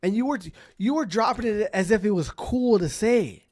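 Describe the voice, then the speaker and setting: A man's voice: sits high, normal speed, darkish tone. Profane ranting male gamer. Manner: profane, ranting, repeats himself. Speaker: gaming streamer. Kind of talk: casual gameplay commentary. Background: gunfire from the game.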